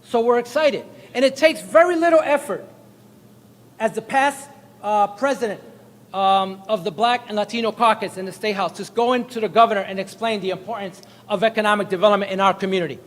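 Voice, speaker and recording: High-voiced man speaking in an echoey hall. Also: brisk, fairly bright tone. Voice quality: high-pitched, booming, jokey and effusive. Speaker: state representative. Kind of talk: speech at a press event. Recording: long hall reverb.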